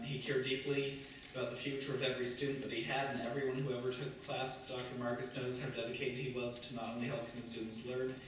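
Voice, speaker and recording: A man's voice: medium pitch, fairly bright tone. A man reading a formal, prepared tribute to his late professor at a memorial. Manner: measured, formal. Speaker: student tribute speaker. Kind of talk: read prepared tribute speech. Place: memorial gathering in a large room. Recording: echoey room, distant mic, noise.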